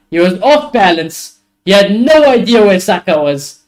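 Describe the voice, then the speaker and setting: Excitable high-voiced man. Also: normal speed. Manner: excitable, swears freely, reacts loudly to play. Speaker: watchalong host. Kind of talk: live football watchalong commentary.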